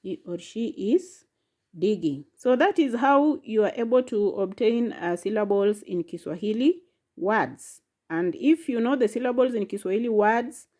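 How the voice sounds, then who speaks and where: A woman's voice: medium pitch, warm tone. A woman teaching a language lesson, saying each word and syllable carefully and repeating it. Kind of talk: slow instructional lesson.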